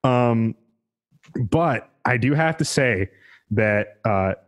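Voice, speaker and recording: A man's voice: mid-range voice, lively intonation, takes it slowly. A man co-hosting a podcast who rambles through history with plenty of swearing. He keeps breaking into laughter at his own jokes. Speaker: podcast co-host. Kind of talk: casual comedic history chat.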